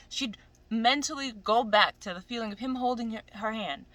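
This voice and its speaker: A woman's voice: a little high, fairly quick, no room sound, rough recording. A woman giving a casual, profane, exasperated rant about an anime she is watching. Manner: animated, profane, exasperated ranting. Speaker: anime commentator. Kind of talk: casual ranting commentary.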